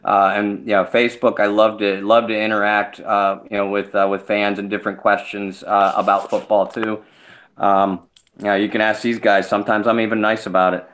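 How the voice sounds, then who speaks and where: A man's voice: lowish voice, little pitch movement, moderate pace, a bit bright, highs cut off. A man appearing as a guest sports writer on a casual podcast, talking in a hesitant, joking way.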